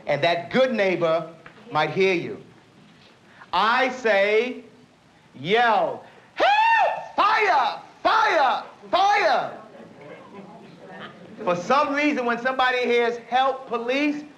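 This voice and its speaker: A middle-aged male police officer teaching a live self-defense class, energetic and coaxing, quizzing the group as he demonstrates. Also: extremely high pitch. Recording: dull lo-fi 1970s film sound.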